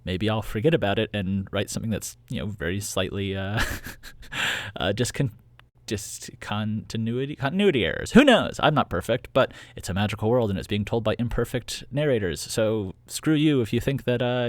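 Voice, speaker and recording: A man's voice: on the low side, dry recording. A man hosting his own podcast in casual solo chat, rambling and giggling through tangents, recorded in a small closet. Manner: rambling, giggly, prone to tangents and silly voices. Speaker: podcast host and series creator.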